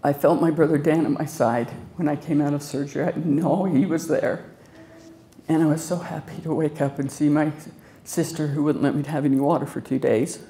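A woman's voice: low voice, fairly even intonation, normal speed, mellow, a little hiss or hum. A woman who received an organ transplant tells her story to a live audience in an earnest, conversational, grateful way. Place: festival stage before an audience.

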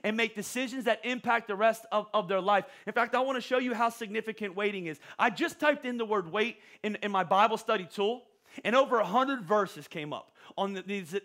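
Pastor, middle-aged man, high bright voice, lively sermon delivery with stammered restarts. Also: a little fast. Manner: animated, joking preacher with stammering restarts. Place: church auditorium.

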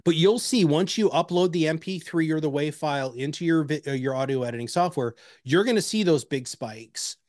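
A man presenting an instructional webinar, energetic and chatty, with personal anecdotes and emphatic repeated pleas. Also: fairly high pitch, brisk, hardly any pauses, no room sound, studio quality.

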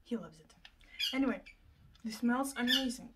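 A young woman vlogger chatting casually while unboxing gifts, excitable and full of gasping exclamations. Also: on the high side, moderate pace, background noise. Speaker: plant and lifestyle vlogger.

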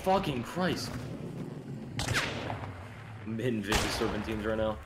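A man in voice chat as a teammate, making urgent rapid callouts. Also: fairly low pitch, animated, background noise. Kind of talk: gameplay voice chat.

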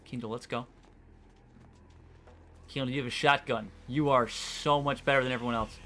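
A man's voice: mid-range voice, fairly even intonation, moderate pace, pushed and bright. A man casually commenting on his gameplay, often frustrated and swearing at the game and its characters. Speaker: gameplay streamer.

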